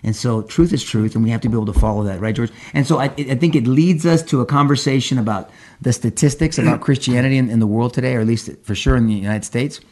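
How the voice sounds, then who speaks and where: Guy hosting a faith podcast, talks super fast, gets worked up telling stories, keeps restarting sentences. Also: medium pitch. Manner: animated storyteller, frequent restarts. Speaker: podcast co-host. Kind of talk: casual faith discussion.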